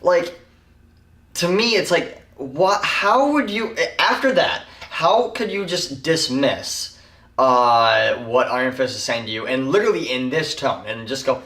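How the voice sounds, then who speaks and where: A man talks through a TV show review in a loose, rambling way, leaning on fillers as he goes. His voice sits at an ordinary middle pitch. The room is echoey, and he is some distance from the mic. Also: animated, a little slow, sharp tone. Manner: rambling and chatty, full of "like" and "um". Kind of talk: casual spoken review.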